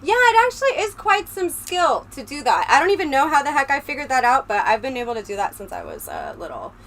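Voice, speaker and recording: Chatty woman livestreamer, higher voice. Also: huge pitch swings, fast talker, a bit bright. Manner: chatty and rambling, talking straight to the chat. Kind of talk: casual livestream chat with viewers. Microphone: close desk microphone. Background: low fan hum.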